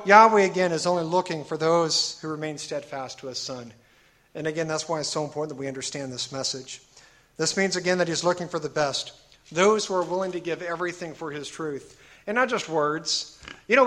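High-voiced man preaching earnestly. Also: pushed and bright. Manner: earnest, emphatic preaching with rhetorical questions; reads scripture slowly and deliberately. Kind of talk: sermon.

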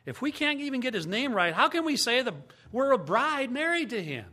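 A man's voice: very high-pitched, very animated, a little fast, pushed and bright. A man giving a teaching sermon as a Bible teacher, speaking emphatically and explaining step by step with rhetorical questions.

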